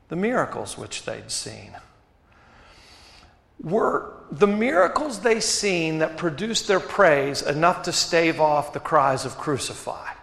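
A man preaching a sermon as pastor, asking rhetorical questions and dropping to quiet emphasis. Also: fairly high pitch, big pitch swings, takes it slowly, creaky. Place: church sanctuary. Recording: echoey hall reverb.

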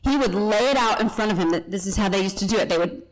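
A woman teaches a Bible passage like she's telling a story, chatty and quick, with a mid-range voice on poor audio. She corrects herself in passing, makes chatty asides, and acts out the people in the story.

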